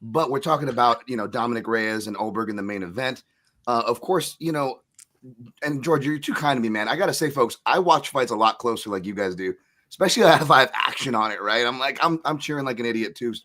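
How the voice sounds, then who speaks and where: A man's voice: medium pitch, expressive, brisk, pushed and bright. A man co-hosts a casual roundtable and rambles through his points. He stops and restarts his sentences often. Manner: rambling, lots of fillers and restarts. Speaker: co-host.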